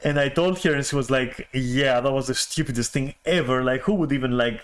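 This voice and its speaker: A man's voice: medium pitch, brisk, clean tone. A man telling a story on a stream in a rambling, profane way, full of restarts and chuckles. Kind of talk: casual storytelling rant.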